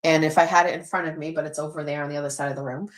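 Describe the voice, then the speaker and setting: A woman's voice: sits low, fairly even intonation, very fast. A middle-aged woman hosting a livestream, chatting candidly, swearing freely and reading viewer comments aloud. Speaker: livestream host. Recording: roomy echo.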